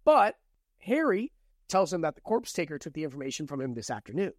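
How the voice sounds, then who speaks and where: A man co-hosting a podcast, casually recapping and discussing a book in a relaxed, chatty way. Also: fairly high pitch, brisk, no echo, studio quality. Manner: relaxed, chatty, laughs often. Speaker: podcast co-host.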